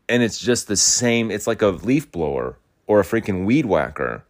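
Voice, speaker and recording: A young man with a low, deep voice talks in a loose, rambling rant. He swears often, circles back to the same complaints and repeats himself, moving in and out of his rural home as he talks. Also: big pitch swings, moderate pace, few pauses. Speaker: podcast host. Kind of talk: rambling casual monologue.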